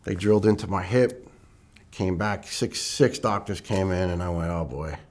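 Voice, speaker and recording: A man's voice: deep voice, normal speed, a little mellow. A middle-aged man, a longtime first responder, tells his story in an interview, speaking candidly with frequent restarts and repeated words. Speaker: first responder recounting illness. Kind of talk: personal testimony interview.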